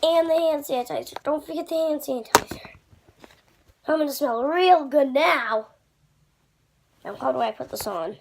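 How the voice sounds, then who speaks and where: A man's voice: very high-pitched, normal speed, creaky, pauses often, very noisy. A man voicing a self-pitying puppet father in a homemade puppet comedy, complaining in a whiny way. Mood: silly.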